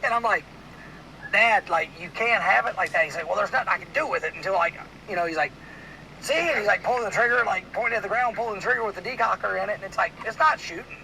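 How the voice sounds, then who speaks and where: A man from with a drawl tells a hunting story as host of a casual podcast, rambling and padding it with "like". His voice sits high, sharp and bright, with a gravelly edge. A faint hiss runs under the recording. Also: racing, rough recording. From Louisiana. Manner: rambling, animated storyteller with many "like"s.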